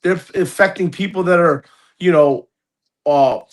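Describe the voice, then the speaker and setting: A man's voice: high-pitched, unhurried. A middle-aged man hosting a podcast, talking bluntly and profanely in a heated, casual rant. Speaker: podcast host.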